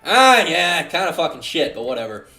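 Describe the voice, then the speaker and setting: Casting: sarcastic let's-play man with a lively voice, roomy echo. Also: medium pitch, normal speed, soft background music. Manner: sarcastic, joking, swears. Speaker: gaming YouTuber.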